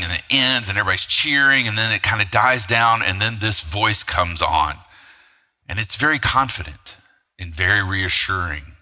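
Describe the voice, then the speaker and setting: A man's voice: sits low, sharp tone. A man preaching a sermon as pastor, talking conversationally with rhetorical asides and frequent fillers. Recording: long hall reverb.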